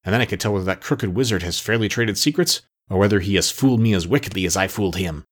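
A man voicing a gruff, shrewd old witch in an audiobook, with a husky, lowered voice. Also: fast talker. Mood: gruff scheming. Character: scheming cackling old witch woman. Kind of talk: audiobook character voice.

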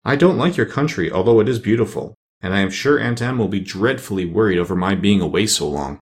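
A man's voice: on the low side, quick pace, lightly acted. A man reading a storybook, voicing a meek little girl who pleads earnestly in a raised voice.

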